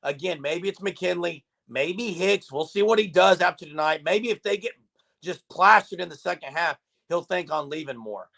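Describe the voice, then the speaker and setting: A man's voice: high voice, lively intonation, normal speed, creaky, a bit bright. A man hosting a live sports talk show, chatting casually and reading viewer comments aloud. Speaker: podcast host.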